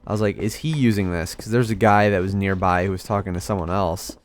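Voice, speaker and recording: A man's voice: deep voice, steady tone, fast. A young man rambling through a story while playing a game, hesitant and self-deprecating. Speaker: gaming video creator. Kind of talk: casual storytelling over gameplay.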